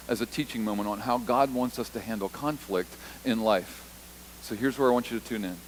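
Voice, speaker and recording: In a rough recording, a pastor with a mid-range male voice delivers a sermon in church. He chats with the congregation, repeats key points, and acts out what Jesus and the disciples said using short quoted voices.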